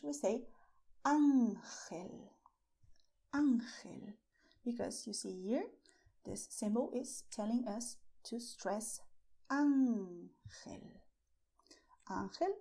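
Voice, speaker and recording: A woman's voice: on the high side, creaky, warm tone. A woman teaching beginner words, repeating each one and often checking with "okay?". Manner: slow, repeats words, ends points with "okay?". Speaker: Spanish teacher. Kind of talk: beginner language lesson.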